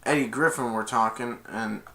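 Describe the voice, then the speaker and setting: A man retells a movie scene by scene in a loose, excited ramble, stumbling over restarts and chuckling along the way. His voice has a bright, forward edge. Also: medium pitch, moderate pace. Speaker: movie reviewer. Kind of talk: casual movie recap.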